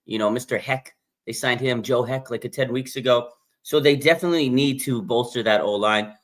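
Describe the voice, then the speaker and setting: A man hosting a live fan reaction stream in a casual, excitable way, laughing and ranting with his voice jumping up when he gets hyped. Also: medium pitch, fairly quick. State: has a bloody nose. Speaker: sports fan livestream host.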